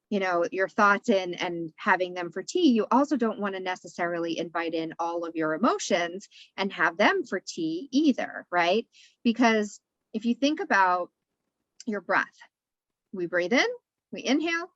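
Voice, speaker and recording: A woman's voice: mid-range voice, no echo, lo-fi sound. A woman guest on a podcast giving a spiritual wellness talk, in a coaching tone that keeps checking in with "right?". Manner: repetitive, coaching tone with frequent "right?".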